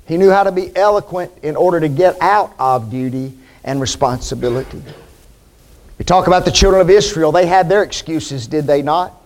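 A man's voice: on the high side, normal speed. A man preaching a sermon, emphatic, with rhetorical questions to the congregation.

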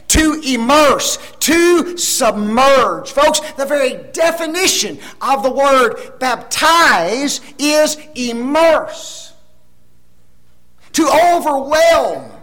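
A man preaching a sermon, emphatic, with rhetorical questions, swinging between loud stresses and soft asides. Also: very high-pitched, low-quality recording.

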